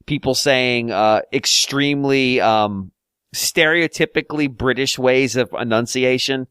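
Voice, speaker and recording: A man's voice: mid-range voice, a little slow, a bit bright, smooth, no room sound, studio quality. A man co-hosting a podcast, chatting casually about a game in a rambling way, with lots of fillers and restarts. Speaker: podcast co-host. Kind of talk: casual chat.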